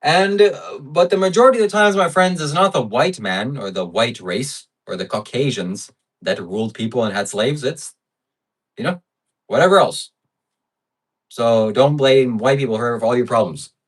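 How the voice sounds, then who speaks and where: A man hosting a casual livestream and reading chat, turning sarcastic and mock-outraged, then softly preachy. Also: medium pitch, lively intonation, normal speed. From Ukraine.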